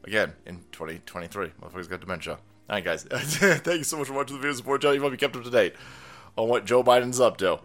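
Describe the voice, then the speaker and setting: A man hosting a commentary channel, foul-mouthed and rambling, mocking as he swings from loud outbursts to mutters. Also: mid-range voice, lively intonation, fast talker, faint music behind. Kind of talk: profane comedic commentary.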